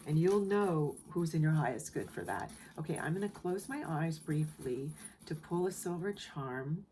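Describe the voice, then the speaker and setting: A woman giving a collective tarot reading in a soft, emotional way, often repeating phrases and checking in with the listener. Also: sits low, animated, moderate pace, slight background noise. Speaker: tarot reader. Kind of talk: gentle spoken tarot reading.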